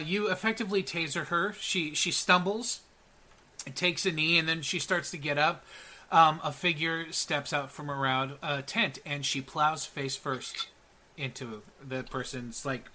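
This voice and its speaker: A man narrating as game master in a relaxed, hesitant way with many fillers. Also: fairly high pitch, measured pace.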